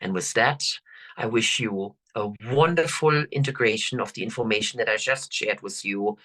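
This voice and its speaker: An older woman coach, leading listeners through affirmations in a slow, soothing, drawn-out way. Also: extremely low pitch, fairly bright tone. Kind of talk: guided affirmation talk.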